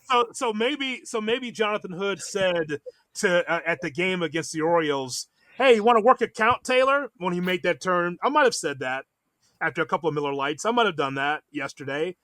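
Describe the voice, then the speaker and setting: A man's voice: high-pitched, normal speed, a bit bright. A man co-hosting a sports podcast, ranting in a fired-up way and swearing in casual chat. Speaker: podcast co-host.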